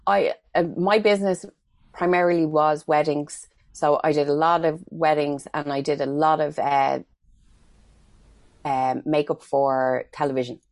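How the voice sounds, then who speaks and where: A woman's voice: low voice, fairly even intonation, measured pace, darkish tone, no echo. A middle-aged Irish woman, a makeup artist, chatting as an interview guest and telling stories with acted-out quotes. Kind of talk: casual interview chat.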